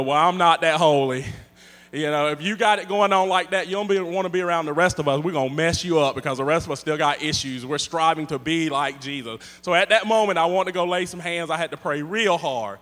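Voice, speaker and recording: High-voiced joking preacher in a hall. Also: male voice, brisk. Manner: animated, joking, conversational. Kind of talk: storytelling sermon. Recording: long hall reverb.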